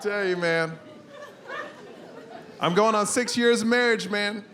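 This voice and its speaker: High-voiced man doing animated stand-up. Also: slow pace, a faint crowd. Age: 40s. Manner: animated storytelling with loud punchlines. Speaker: stand-up comedian. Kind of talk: stand-up comedy set. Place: stage before a live audience. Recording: live stand-up recording with audience noise.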